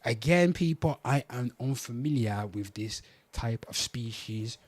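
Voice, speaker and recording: A man hosting a livestream, reacting to clips in an animated, mock-dramatic way and calling out to viewers. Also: mid-range voice, a little slow, slightly rough. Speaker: livestream host. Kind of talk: live reaction commentary.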